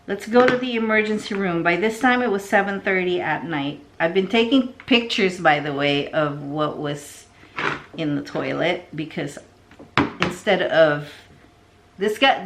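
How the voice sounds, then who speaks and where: A middle-aged woman who vlogs about succulents tells a long story in a lowish voice while arranging plants. She rambles casually, often slipping into soft asides.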